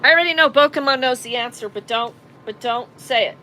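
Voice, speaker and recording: A woman's voice: high-pitched, brisk, pushed and bright, a little hiss or hum, poor audio. A woman telling a story in casual talk to her live chat, blunt and profane. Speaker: vlogger recounting an arrest.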